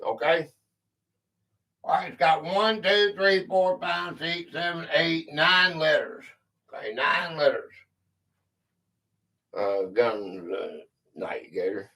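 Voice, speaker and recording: A man's voice: on the high side, takes it slowly, long pauses, sharp tone. A man hosting a live-stream quiz game, reading questions aloud, counting out letters and chatting with viewers by name in a casual, easily amused way. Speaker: quiz game livestream host.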